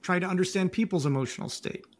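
A man's voice: high-pitched, fast. A man from Canada, a guest in a casual interview, who talks emphatically and laughs while making his points.

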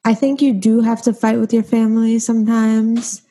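A woman hosting a casual discussion, posing questions and sharing measured thoughts. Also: a little high, flat delivery, mellow. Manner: leads with questions, measured and reflective. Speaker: discussion host.

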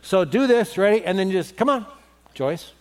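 A man preaching a sermon as pastor in a church, animated and leading the congregation in call-and-response. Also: high voice, moderate pace, background noise.

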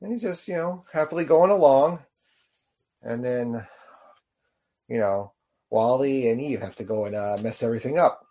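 A man giving casual reaction commentary on a short film, rambling and halting with lots of fillers. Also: medium pitch, mellow. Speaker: video reactor.

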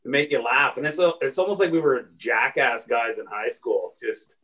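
A man's voice: mid-range voice, normal speed, sharp tone, distant mic, low-quality recording. A man telling rowdy stories as a comedian guest in a casual podcast chat, rambling, swearing and acting out voices. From Saskatchewan, Canada.

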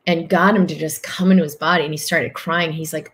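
A woman's voice: deep voice, fairly even intonation, a little fast, slight background noise. A woman hosting a livestream who answers viewer comments as a spiritual coach, talking earnestly and repeating phrases for emphasis. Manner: acts out other people's voices in quotes.

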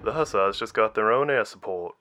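A man voicing a brisk unit commander. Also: mid-range voice, expressive, sharp tone. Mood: approving.

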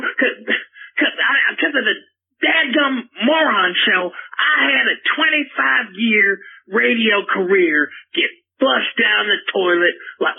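A man's voice: extremely high pitch, vocal fry, breathy edge, heavily acted. A man playing a bitter, washed-up male radio self-help host who stammers and rants through a comedy phone call. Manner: whiny, stammering, ranting. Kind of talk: comedy prank call sketch. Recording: tinny phone line.

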